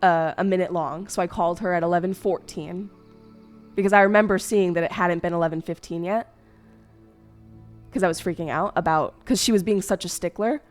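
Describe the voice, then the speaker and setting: A woman's voice: lowish voice, fairly quick, soft background music. A young woman streamer chatting casually, telling a hurt story in a rambling way, with many fillers and restarts.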